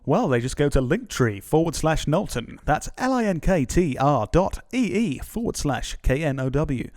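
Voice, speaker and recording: A man's voice: a little high, sing-song, moderate pace, a little mellow. A man co-hosting a podcast in casual chat, rambling and anecdotal with a self-mocking streak. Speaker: podcast co-host.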